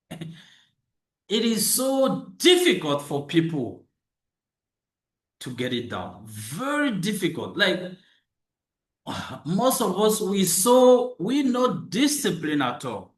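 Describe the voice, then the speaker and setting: Slow, animated man in an echoey room. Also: sits high. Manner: repetitive, emphatic, with restarts and rhetorical questions. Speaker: motivational speaker. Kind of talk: motivational monologue.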